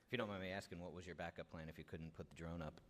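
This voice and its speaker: A man moderating a panel discussion, quick and upbeat with short responses. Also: low-pitched, steady tone, fairly bright tone. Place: conference hall. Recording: echoey conference hall.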